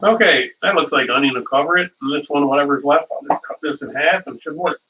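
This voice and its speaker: A man's voice: on the high side, fast talker, sharp tone, slight background noise. A man hosting a casual live cooking stream, rambling through stories and chuckling at his own dad jokes, from a distant mic.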